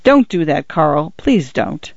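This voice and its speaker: A man's voice: fairly high pitch, big pitch swings, takes it slowly, no room sound, exaggerated voice. A man voicing a firm, stern ranch mother in a plain voice, recorded on a dull, dry track.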